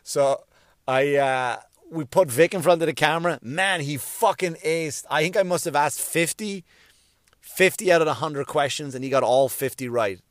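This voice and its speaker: Profane rambling comedian, dry close sound. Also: male voice, a little high, normal speed, a bit bright, no room sound. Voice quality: profane, rambling, with frequent restarts. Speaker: comedian and podcast host. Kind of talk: casual storytelling tribute.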